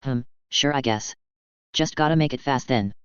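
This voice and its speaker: A casually confident, overpowered young man, as a man reads him in a dull, dry audiobook voice. The tone is clear and smooth, and he takes everything lightly. The reading stays even and unhurried. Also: medium pitch, dry recording, natural voice. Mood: offhand.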